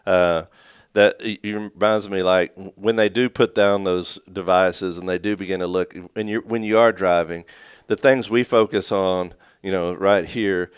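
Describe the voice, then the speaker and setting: A man's voice: low-pitched, steady tone, normal speed, clear, resonant tone, no echo, clean studio sound. A middle-aged man co-hosting a talk show, chatting casually about parenting and reading listener comments aloud with easy chuckles.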